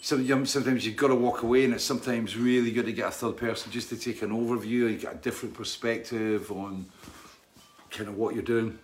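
A middle-aged man from Britain hosts a casual live stream. He rambles and restarts his sentences, greeting viewers warmly by name. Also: mid-range voice, fairly even intonation, quick pace, a little hiss or hum. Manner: rambling, friendly, reads out viewer names. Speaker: livestream host.

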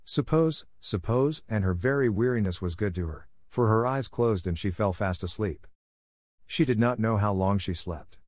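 Low-voiced man reading a classic novel. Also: moderate pace, a little mellow, dry recording. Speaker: narrator. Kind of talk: audiobook narration of a classic novel.

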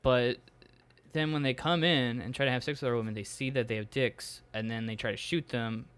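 A young man improvising as an aggrieved male Latvian spokesman, rambling with halting fillers. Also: medium pitch, fairly even intonation, fairly bright tone, smooth, close to an everyday voice. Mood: complaining. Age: young adult. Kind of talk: improvised comedy role-play.

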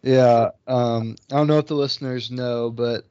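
Relaxed young guy cohosting a sports podcast, dry close sound, kinda muffled. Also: mid-range voice, normal speed, no room sound. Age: young adult. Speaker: podcast co-host. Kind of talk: casual sports chat. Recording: dry dull lo-fi audio.

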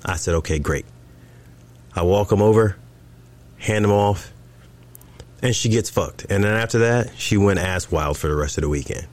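This low-voiced podcast co-host narrates a story in casual talk at a moderate pace, pausing often. He tells it animatedly and acts out the lines people spoke.

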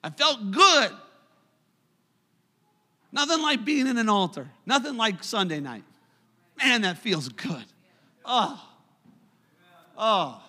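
A middle-aged male pastor preaching a sermon in a church, swinging from loud declarations to hushed asides. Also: sits high, big pitch swings, slow, pauses often. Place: church sanctuary. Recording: live church recording with long hall reverb.

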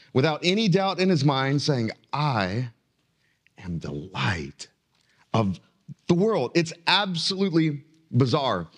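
A man in his thirties giving a sermon as pastor from a church stage, preaching dramatically with drawn-out pauses and falling emphasis. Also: a little high.

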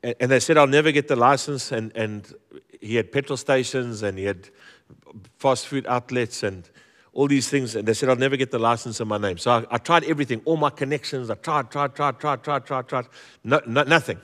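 A man preaching a storytelling sermon in a church, lively and joking, often repeating his words. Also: mid-range voice, fairly quick. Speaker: guest preacher. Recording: long hall reverb.

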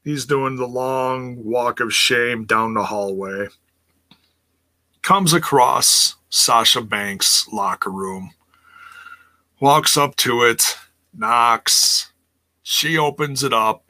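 Bright-voiced man recapping wrestling, slow. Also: medium pitch. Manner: chatty, exasperated, reads chat aloud. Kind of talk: casual live-stream chat.

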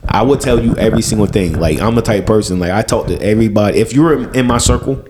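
A man's voice: lowish voice, quick pace, background noise. A man co-hosting a podcast in casual chat, swearing freely and acting out other people's lines in mocking voices. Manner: swears freely and laughs often. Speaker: podcast co-host.

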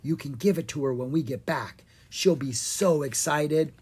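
A reader voicing a gentle, doting father dragon in a storybook. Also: medium pitch, moderate pace, husky.

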